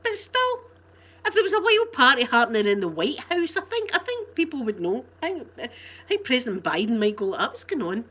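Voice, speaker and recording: A woman's voice: high voice, big pitch swings, brisk, fairly bright tone. Chatty Glaswegian woman, laughing often. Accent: Scottish, Glasgow. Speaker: streamer chatting with viewers. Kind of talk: casual live-stream chat.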